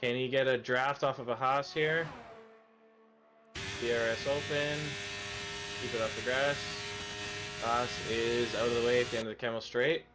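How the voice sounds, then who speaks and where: A man with a Canadian accent giving relaxed, conversational live commentary on a sim racing session, thinking aloud as he goes. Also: medium pitch. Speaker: lead commentator.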